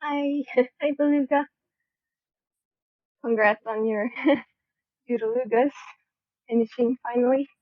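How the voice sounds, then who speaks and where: A woman's voice: fairly high pitch, steady tone, takes it slowly, long pauses, dry recording, dull audio. A shy, nervous woman who giggles as she gives a heartfelt thank-you in casual voice chat. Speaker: co-host.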